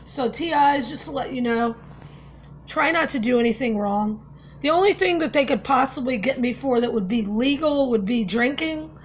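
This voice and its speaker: A woman's voice: high-pitched, expressive, normal speed. Earnest woman vlogging, faint background hiss. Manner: conversational, with fillers and restarts, earnest. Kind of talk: casual spoken vlog, telling a story.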